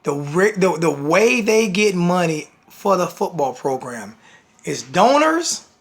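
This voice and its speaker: A man's voice: sits high, sing-song, takes it slowly. A man with a blunt, scolding manner, ranting to the camera as a sports fan vlogger.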